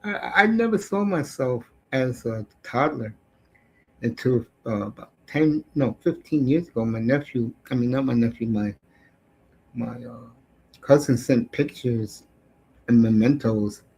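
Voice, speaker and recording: A brash middle-aged man rants about sports as a talk show host. His talk is profane, and it jumps between loud outbursts and low muttering. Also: unhurried, poor audio. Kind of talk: casual sports rant.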